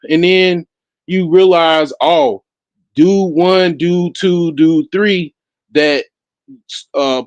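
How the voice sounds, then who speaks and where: An African man hosts a solo talk show, offering casual commentary that rambles and swears, with frequent laughter and restarted sentences. His voice is on the high side, with no echo.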